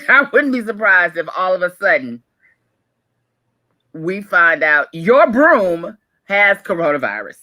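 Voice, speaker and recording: Brief: woman morning-show co-host, crisp bright voice, outspoken and quick to laugh, dry close sound. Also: fairly low pitch, no echo. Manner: lively, opinionated, laughs often. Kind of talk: casual radio chat.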